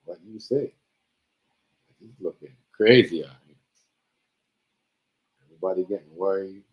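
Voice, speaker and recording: This livestream host speaks in a low voice at a measured pace, offering casual commentary on current events full of slang and emphatic repetition. The stream audio is dull and lo-fi.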